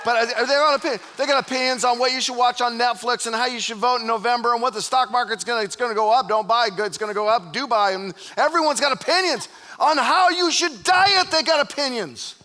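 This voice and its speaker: A man's voice: very high-pitched, pushed and bright. A man preaching a sermon as pastor, joking and talking conversationally to the congregation. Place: church stage before a live congregation.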